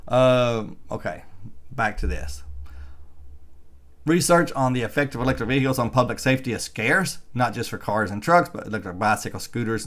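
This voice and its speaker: A man's voice: on the low side, a bit bright. A middle-aged man vlogging about electric cars in casual commentary, reading an article aloud with rambling, opinionated and sarcastic asides.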